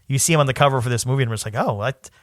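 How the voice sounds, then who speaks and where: A man co-hosting a podcast in casual chat, rambling through stumbles and restarts, laughing often and dropping into quick put-on voices. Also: medium pitch, steady tone, no room sound, clean studio sound. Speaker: podcast co-host.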